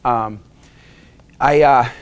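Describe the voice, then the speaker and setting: A man's voice: mid-range voice, steady tone, very slow, clear, resonant tone. A middle-aged man from Wisconsin, telling a rambling personal story in a casual interview, with many restarts. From Wisconsin, USA. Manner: rambling anecdotes with frequent restarts and acted quotes.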